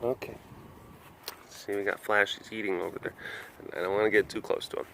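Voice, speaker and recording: A man's voice: on the low side, little pitch movement, fairly quick, gravelly, a bit bright, slight background noise. A man vlogging outdoors at an animal sanctuary while walking, talking in a rambling, casual way and chuckling often. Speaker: vlogger at a big cat facility.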